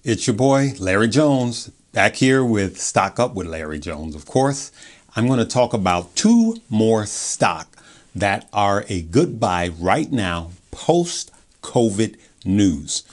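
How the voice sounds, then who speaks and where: A man's voice: lowish voice, very animated, slow. A man hosting his own stock market video, talking in a hyped, rambling way that breaks off and restarts. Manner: hyped, rambling, self-interrupting. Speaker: stock market channel host. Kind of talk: casual investing video talk.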